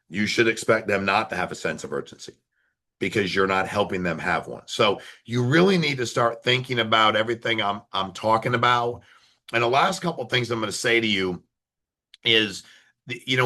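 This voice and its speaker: Middle-aged guy pumping up sales agents, bright punchy tone, keeps switching speed. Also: fairly low pitch. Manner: forceful, rhetorical questions, role-plays phone calls; shifts speed and emphasis often. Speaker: sales trainer, insurance agency founder. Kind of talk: motivational sales talk.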